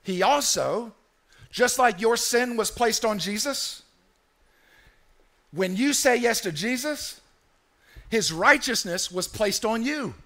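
A man's voice: extremely high pitch, expressive, slow, long pauses, pushed and bright. A man preaching a sermon as pastor in a church, emphatic and repetitive, calling on the congregation to answer him.

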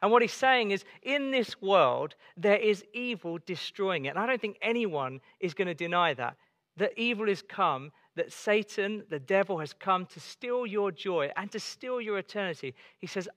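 A man's voice: sits high, lively intonation, normal speed, fairly bright tone, no echo, studio quality. Jokey man preaching a carol sermon. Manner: storytelling, jokey, shifting to earnest. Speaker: pastor. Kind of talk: sermon with humorous stories. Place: church.

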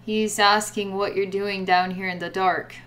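A woman's voice: mid-range voice, level tone, measured pace, a bit bright. Rambling woman giving a psychic reading. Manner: rambling, full of "like" and repetitions. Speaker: psychic reader. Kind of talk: guided spiritual reading.

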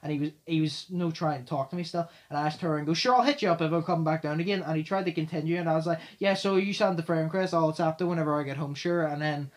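Male podcast host, rapid, loud and foul-mouthed storyteller with a slightly high voice. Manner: fast, loud talker who swears often. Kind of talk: casual storytelling chat.

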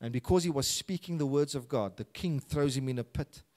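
A pastor with a South African accent preaches a sermon, reading scripture aloud with mounting passion and intensity. His mid-range voice has a darkish tone and moves a little fast.

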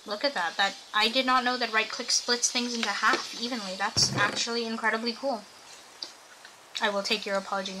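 Her voice runs on the high side, fairly even in intonation and a bit quick. She's a young streamer giving casual commentary on her game, talking to viewers and musing aloud, with background noise audible in the recording.

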